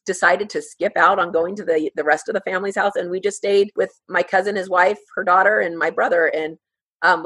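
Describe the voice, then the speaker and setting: A woman in her thirties, a podcast guest, telling a personal story in a halting, emotional way with many fillers. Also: low-pitched, a bit bright, breathy edge.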